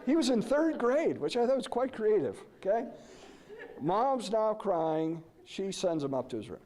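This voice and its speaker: A middle-aged man giving a presentation, telling animated stories and posing questions to the audience. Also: high voice, unhurried. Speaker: lecturer. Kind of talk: conference presentation.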